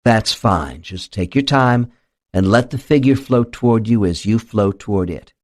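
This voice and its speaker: A man voicing a calm hypnotherapist who gently questions his client. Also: on the low side, unhurried. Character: calm, reassuring male hypnotherapist.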